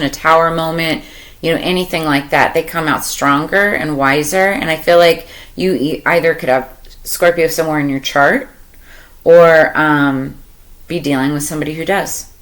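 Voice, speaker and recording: A woman with a low voice talks through a tarot reading. She meanders and thinks out loud, filling her pauses with ums and you-knows, in an easy, casual way. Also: low-quality recording. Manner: meandering, thinks aloud with many fillers. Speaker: tarot reader.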